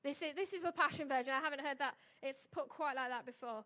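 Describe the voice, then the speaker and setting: Young woman, high voice, chatty storytelling sermon style. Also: quick pace, fairly bright tone. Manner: chatty, storytelling, with tag questions and fillers. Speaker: preacher. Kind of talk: casual sermon.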